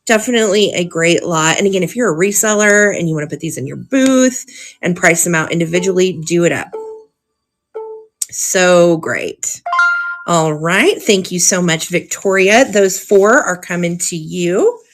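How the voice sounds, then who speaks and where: A woman's voice: on the low side, lively intonation, normal speed. A woman hosting a live vintage sale, chatting casually and gushing over old cards as she reads them aloud. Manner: chatty and gushing, often giggling.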